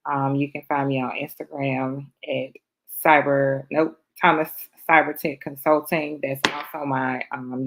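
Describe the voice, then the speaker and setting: A woman's voice: sits low, fairly bright tone. A woman guest on a podcast who teaches cybersecurity awareness, talking casually in a modest, hesitant, friendly way. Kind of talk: casual interview chat.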